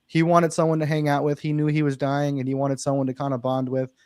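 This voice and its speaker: A young man speaks as a podcast guest, his voice sitting a little high for a man. He tells his story earnestly and with emphasis. The sound is close and dry, with no room around it. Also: completely flat delivery, fast talker, a little mellow, smooth, no room sound. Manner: earnest, emphatic, swears it's true. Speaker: podcast guest, real estate investor. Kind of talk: casual interview storytelling.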